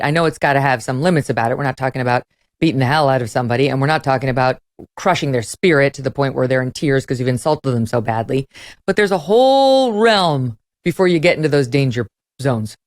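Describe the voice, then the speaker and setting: A woman hosting a podcast interview, talking in a brisk, emphatic, conversational way and also reading an ad. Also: extremely low pitch, lively intonation, no room sound, soft background music. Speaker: podcast host. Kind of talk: podcast interview and host-read ad.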